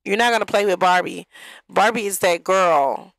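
A woman's voice: mid-range voice, normal speed, creaky, fairly bright tone, no room sound, poor audio. A young woman giving casual gameplay commentary in a life-sim game, chatty and talking straight to her viewers. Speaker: gaming vlogger.

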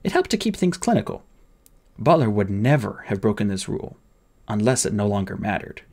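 Gravelly, expressive man narrating. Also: on the low side, moderate pace. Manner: expressive, dramatic reading. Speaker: audiobook narrator. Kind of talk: audiobook narration.

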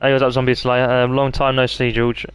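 A man's voice: mid-range voice, completely flat delivery, brisk, smooth, no echo. Profane man streaming a game. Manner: profane, trash-talking. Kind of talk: live gaming commentary.

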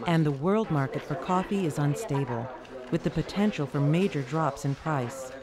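A narrator reading a scripted documentary in an even, measured way. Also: medium pitch, a crowd in the background. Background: music.

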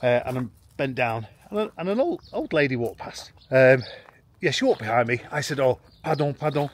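A man chatting to camera in a relaxed family vlog. His voice sits at a middling pitch, and he rambles and restarts with a self-mocking, chuckling manner. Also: moderate pace, slight background noise. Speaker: expat family vlogger. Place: in and around a home in rural France.

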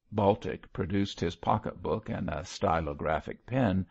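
Man, audiobook narrator, low gravelly voice, husky, lively intonation, muffled lo-fi recording. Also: a little slow, hardly any pauses. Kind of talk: scripted narration.

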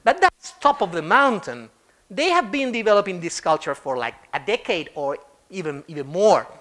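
Lively, high-voiced man giving a conference talk. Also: normal speed. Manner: animated, acts out quotes in funny voices. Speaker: conference speaker. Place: conference stage.

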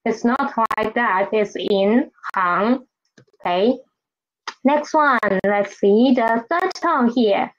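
A woman with a slightly high voice gives a language lesson at an unhurried pace. She patiently repeats each word and models the tones for learners to follow. The recording sounds muffled and lo-fi. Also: lively intonation, a little hiss or hum. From Philippines. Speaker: Mandarin teacher. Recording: dull lo-fi recording.

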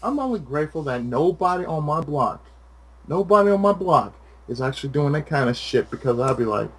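Guy with a high voice swinging all over, swearing and ranting in casual chat. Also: a little fast, slightly rough. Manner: profane, ranting, animated. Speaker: channel host.

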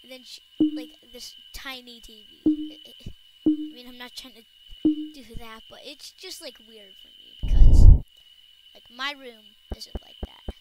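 A woman's voice: high-pitched, fairly even intonation, measured pace, crowd noise, rough recording. A woman giving casual, rambling commentary while playing a game. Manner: chatty and rambling, lots of filler words. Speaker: gamer.

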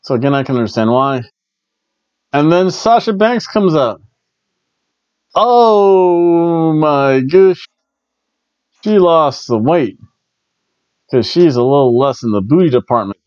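A man's voice: mid-range voice, lively intonation, moderate pace, long pauses, a little mellow, dry recording. A man with a middle-range voice talks through a casual solo review in a chatty, rambling way, often stumbling and restarting mid-phrase. The recording is dull and lo-fi, with a dry, close sound. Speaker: wrestling show reviewer, host.

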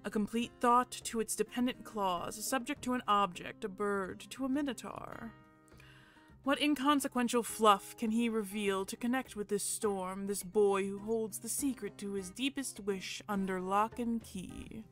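A woman hosts a let's play and reads a visual novel's narration in a soft, measured way. Her voice sits at a middling pitch, with faint music underneath. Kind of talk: reading game narration aloud.

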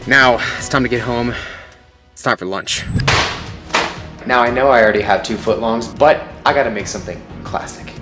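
A man's voice: medium pitch, moderate pace, long pauses, over music. A young man talking casually to his viewers in a food vlog, chatty and upbeat, calling them folks and guys. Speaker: food vlogger. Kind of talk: casual vlog talk to camera.

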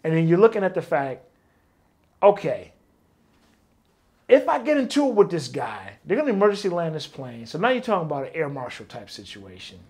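A man's voice: fairly high pitch, brisk, pauses often. A middle-aged man, telling stories in a casual interview and acting out the dialogue. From Detroit, US. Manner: animated, acts out quoted dialogue. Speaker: interview guest, former bodyguard.

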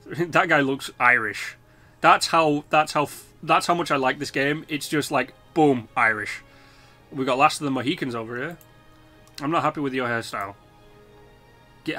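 Chatty, bright-voiced gaming host. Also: male voice, fairly high pitch. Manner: chatty, rambling, with frequent fillers and swearing. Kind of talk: casual let's-play commentary.

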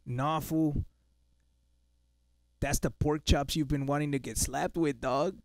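A man's voice: fairly high pitch, steady tone, slow, no echo. A man voicing a cocky, teasing cholo character with a put-on Chicano English accent, bossing his friend around during a game. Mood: bossy. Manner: bossy, teasing, calls everyone fool and dog. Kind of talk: comic role-play over gameplay.

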